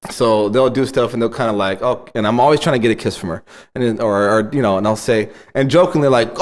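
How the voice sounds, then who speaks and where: A man's voice: medium pitch, fairly quick. A man in his thirties, a podcast co-host, telling family stories in casual chat and laughing often. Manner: animated storytelling, laughs often.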